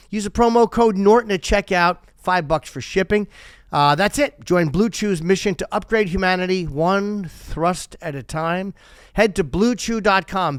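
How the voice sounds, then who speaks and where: A man in his fifties with a fairly high, smooth, resonant voice reads sponsor ads live on a podcast. He keeps drifting off script into crude, sarcastic asides. The sound is dry and close. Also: no echo. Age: 50s. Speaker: podcast host.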